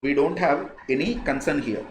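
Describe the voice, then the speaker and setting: A man's voice: a little high, normal speed. A male teacher with an Indian English accent, giving a live online lecture, repeating key phrases for emphasis in a conversational way. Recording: echoey room, faint noise.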